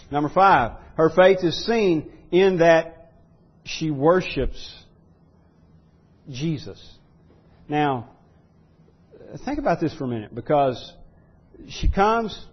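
A man preaching a sermon in an earnest way, rising to loud pleading when he voices quotes. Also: on the high side, breathy edge, highs cut off. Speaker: pastor.

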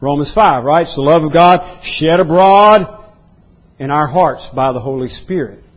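A man preaching an expository sermon as pastor, emphatic, often clearing his throat and repeating words. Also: a little high, a little slow, highs cut off. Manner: emphatic preaching that rises into voiced outbursts.

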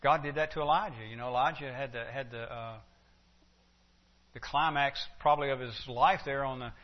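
A man's voice: mid-range voice, steady tone, normal speed. A man preaching an expository sermon in a conversational way, asking his listeners rhetorical questions. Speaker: pastor. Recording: dull lo-fi recording.

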